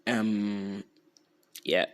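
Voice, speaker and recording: A man's voice: fairly low pitch, little pitch movement, extremely slow. A young man casually retelling a fan story off the cuff, rambling and slangy, with many fillers and restarts.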